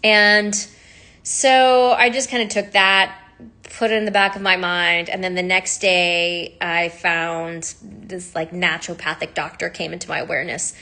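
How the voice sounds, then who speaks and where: A woman sharing her personal story in a candid, animated way, full of fillers and asides. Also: fairly low pitch, a little slow. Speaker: sound healer telling her story.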